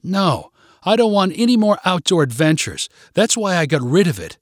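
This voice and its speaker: A man voicing a young woman who is upset and demanding, in a higher pitched voice for a read-aloud story. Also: very animated, moderate pace, no room sound, clean studio sound. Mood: pleading, upset. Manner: high-pitched, insistent.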